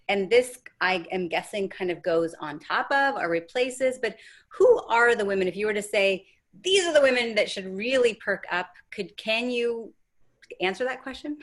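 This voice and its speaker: A woman hosts an interview in a chatty, admiring way. She repeats a few words and hesitates before she asks a guest her question. Her voice sits at an ordinary middle pitch for a woman. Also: a bit bright. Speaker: host. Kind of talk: casual interview hosting.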